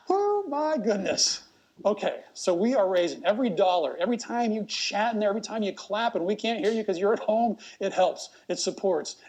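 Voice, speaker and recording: A man's voice: high-pitched, a little mellow. A man hosting a live online charity auction, hyping items, calling bids and joking with viewers. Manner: upbeat, fast-talking, joking hype. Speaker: auctioneer host.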